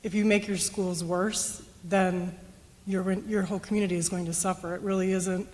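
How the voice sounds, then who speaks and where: A woman's voice: fairly low pitch, fairly even intonation, normal speed, a little mellow. A woman answering as a school board candidate at a public forum, earnest and sprinkled with ums. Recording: long hall reverb.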